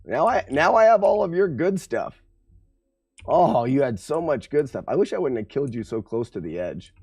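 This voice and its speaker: A man's voice: mid-range voice, sing-song, normal speed, darkish tone, slightly rough, no echo, clean studio sound. A man streaming a game live, talking to his chat with playful trash talk. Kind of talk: live gameplay commentary to chat.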